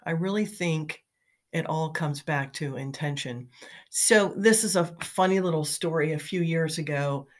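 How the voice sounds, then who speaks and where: A woman's voice: low voice, a little slow. A middle-aged woman talking in a chatty, motivational way, telling anecdotes with fillers and light laughs. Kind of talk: casual motivational storytelling.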